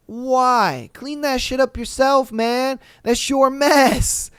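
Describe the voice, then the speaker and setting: Male podcast host, unhurried, clear smooth voice, loose profane reactions between readings. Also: very high voice, dry recording. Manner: laid-back, profane, joking asides. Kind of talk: reading listener stories aloud and reacting.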